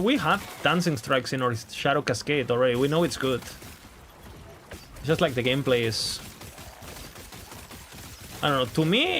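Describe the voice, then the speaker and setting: A man's voice: medium pitch, fairly bright tone. A man with a mid-range voice chats casually while streaming a game. He thinks aloud, hedges and repeats his words as he weighs his options. A faint noise hums behind him.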